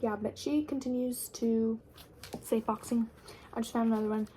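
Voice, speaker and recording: A woman's voice: on the high side, steady tone, normal speed, warm tone, a little hiss or hum. A young woman vlogging a casual, sarcastic rant about books she dislikes, chatty and full of fillers. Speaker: book vlogger. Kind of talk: casual ranting book review.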